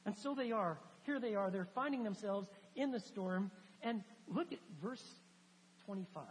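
A woman preaching a sermon, telling a Bible story with animated emphasis and reading scripture aloud. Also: mid-range voice, normal speed. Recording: hall reverb with faint hum.

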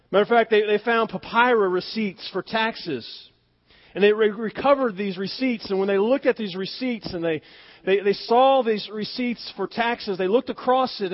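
A man preaching a sermon with emphatic delivery, dropping to near-whispers and rising to stressed loud words, asking the congregation to repeat phrases after him. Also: high-pitched. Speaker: pastor. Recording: dull lo-fi sound.

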